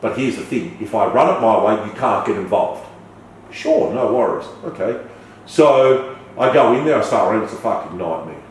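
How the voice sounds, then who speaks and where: A man's voice: lowish voice, normal speed. A middle-aged man, a podcast guest, telling stories animatedly, swearing and acting out dialogue. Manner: animated storyteller who swears and acts out dialogue. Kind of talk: casual storytelling interview. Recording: echoey room, from far off, faint noise.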